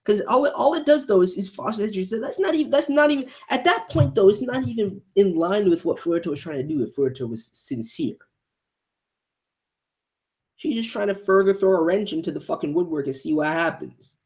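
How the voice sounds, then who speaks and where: A man's voice: sits high, animated, moderate pace. A man reacting live to a manga chapter, ranting heatedly, swearing and stammering over repeated words. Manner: reads panel lines aloud softly.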